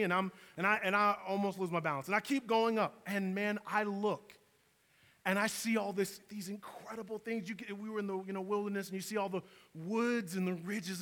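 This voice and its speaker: Male pastor, high voice, casual storytelling sermon, long hall reverb. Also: a bit bright. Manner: casual storytelling preacher, conversational asides.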